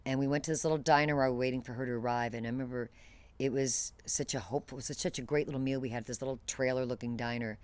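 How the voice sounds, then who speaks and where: A woman's voice: a bass voice, fairly even intonation, rapid-fire, a little mellow. A woman interview guest telling a painful personal story in a detached, matter-of-fact way, often restarting and trailing off mid-phrase.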